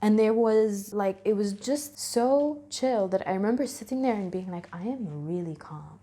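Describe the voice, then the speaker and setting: A woman's voice: mid-range voice, normal speed, dark tone. A young adult woman talking casually to camera in a vlog, candid and rambling, correcting herself and laughing often. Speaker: vlogger. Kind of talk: casual reflective talk to camera.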